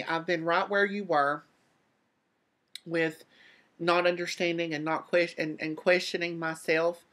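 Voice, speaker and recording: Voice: medium pitch, a bit bright. Earnest, close-to-tears vlog host. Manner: earnest, comforting, repeats phrases. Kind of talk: heartfelt advice to a viewer.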